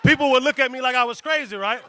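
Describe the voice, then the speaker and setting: A man doing a stand-up comedy set on a club stage, loud and animated, acting out characters, with laughter behind him. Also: very high-pitched, fast talker. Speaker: student stand-up comic. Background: audience laughter.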